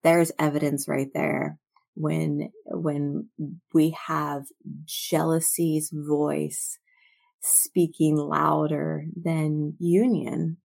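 A woman teaching from scripture in a slow, reflective way, sometimes dropping to soft near-whispers. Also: sits low, little pitch movement, vocal fry. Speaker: Bible teacher.

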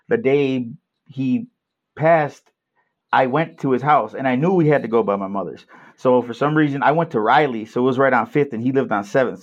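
A man from Milwaukee, a podcast guest, telling a personal story in a laid-back way, saying "bro" and "like" often. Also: medium pitch. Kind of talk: casual storytelling. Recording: dull lo-fi sound.

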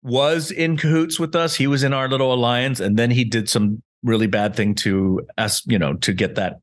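A middle-aged man co-hosting a podcast, chatting casually through an episode recap, animated and repeating himself for emphasis. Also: medium pitch, normal speed. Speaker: podcast co-host.

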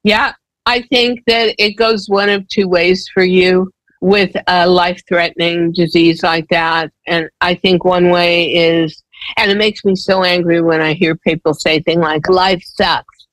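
Candid, emphatic woman with a lower voice. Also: fairly even intonation, measured pace, no echo, low-quality recording. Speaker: guest. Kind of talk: personal storytelling in a conversation.

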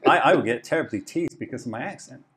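A man's voice: mid-range voice, expressive, quick pace, a bit bright. A man from Devon, England, talking as an interview guest in a thoughtful, rambling way with lots of fillers and restarts. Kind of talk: casual interview chat.

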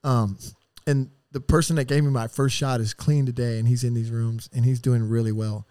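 A man's voice: mid-range voice, level tone, moderate pace, mellow, dry recording. A man telling stories as a podcast guest in a casual, rambling way, with heavy swearing and streetwise slang. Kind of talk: casual storytelling.

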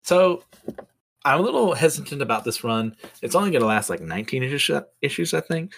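A man's voice: mid-range voice, sing-song, a little fast, vocal fry, fairly bright tone. Brief: casual, self-deprecating male comic podcast host with a mid-range voice. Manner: chatty, self-deprecating, many fillers. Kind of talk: casual recap and review.

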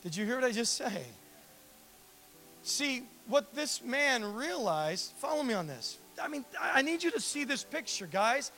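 A man preaching a sermon as pastor, animated, acting out dialogue and asking the congregation direct questions. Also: very high voice, unhurried, faint music behind.

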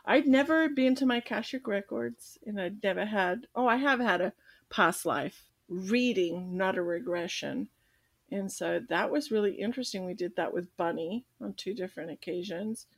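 A woman's voice: mid-range voice, moderate pace, dry recording, studio quality. Bubbly woman podcast co-host. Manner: bubbly, laughs often. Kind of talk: casual chat.

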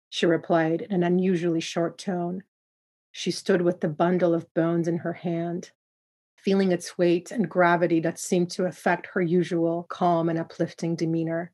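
Brief: woman narrator, low and level, calm measured storytelling. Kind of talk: first-person story narration.

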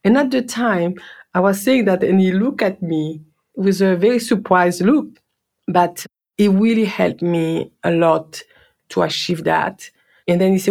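A woman's voice: medium pitch, measured pace, vocal fry, darkish tone. A woman from Guadeloupe with a French accent, telling her own story in an earnest, reflective way and repeating words for emphasis. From Guadeloupe, French Caribbean. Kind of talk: personal storytelling.

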